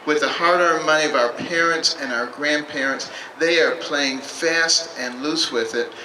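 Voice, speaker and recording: A man giving a campaign speech at a public rally. He talks in short, measured, emphatic phrases with some dry humor. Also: on the high side, bright, forceful tone. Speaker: political candidate. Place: public rally at a state capitol. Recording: echoey, distant mic, noisy.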